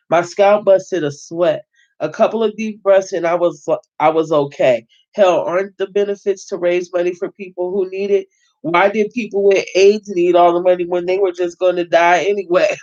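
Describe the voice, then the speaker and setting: A man reading a novel aloud as host, steady but with occasional stumbles and self-corrections. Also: high-pitched, dull audio.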